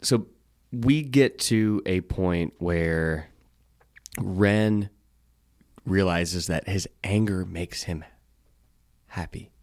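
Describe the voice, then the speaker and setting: A man's voice: deep voice, drawn-out words, long pauses, a little mellow, no room sound, clean studio sound. A man co-hosting a podcast in casual chat, laid-back, swearing now and then and restarting his words. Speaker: podcast co-host.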